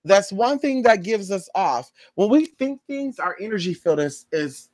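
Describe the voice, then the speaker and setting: A woman's voice: mid-range voice, expressive, unhurried, a little mellow, dry recording. A woman telling a neighborhood story in a casual, gossipy vlog. She talks animatedly, acts out other people's voices, and keeps calling the viewer "girl" and "honey". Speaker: spiritual reader and vlogger.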